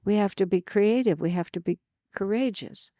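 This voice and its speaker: A woman from California giving an earnest spiritual talk at a retreat, telling stories with lively emphasis. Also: medium pitch, normal speed, no echo, clean studio sound. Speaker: spiritual teacher. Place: retreat gathering.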